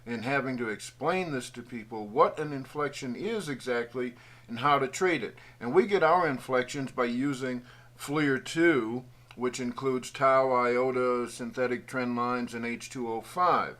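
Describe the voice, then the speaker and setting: A man's voice: medium pitch, measured pace, a bit bright. Folksy man explaining trading charts. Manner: folksy, patient, thinks aloud while drawing. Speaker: trading educator. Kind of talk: screen-recorded chart tutorial.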